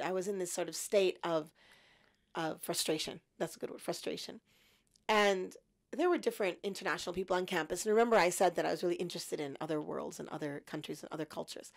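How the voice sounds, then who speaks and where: A woman in her fifties, a podcast guest, telling her story in an animated, self-mocking way. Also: fairly low pitch, vocal fry.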